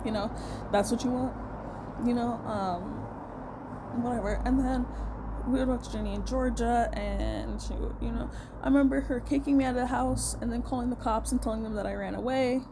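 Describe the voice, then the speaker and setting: A woman's voice: on the high side, fairly even intonation, moderate pace, noisy background. A young woman telling a personal story in a casual rant, blunt and heated, swearing a lot. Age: young adult.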